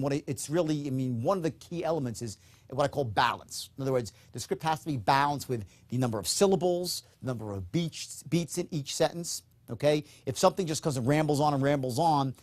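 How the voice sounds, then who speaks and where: A man teaching a recorded sales course, speaking emphatically and often checking in with a quick "okay?". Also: medium pitch. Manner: acts out upbeat and dull tones in demonstrations. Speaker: sales trainer.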